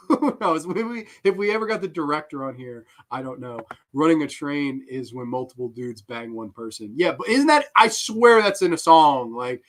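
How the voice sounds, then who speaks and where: A man's voice: on the high side, animated, moderate pace. A young man hosting a live film commentary, rambling and swearing, often laughing. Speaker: host.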